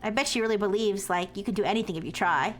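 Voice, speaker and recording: A woman's voice: medium pitch, fast talker, faint music behind, lightly acted. A woman voicing gossiping teenage schoolgirls who complain in a catty, whiny way while reading game dialogue aloud. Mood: resentful.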